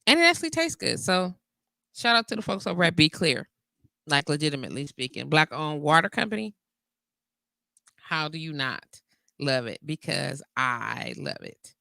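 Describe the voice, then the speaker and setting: Low-pitched and gravelly, a woman in her 40s speaks at a normal pace with no echo around her. She hosts a casual live call-in show on internet radio, chatting candidly with animated energy, frequent laughter, and comments read aloud.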